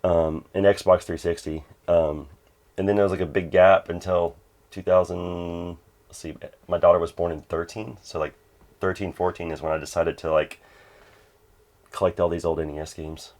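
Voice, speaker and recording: A man's voice: low voice, little pitch movement, moderate pace, darkish tone. A man in his thirties, a game collector chatting casually at home, rambling with lots of fillers and restarts. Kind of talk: casual interview chat.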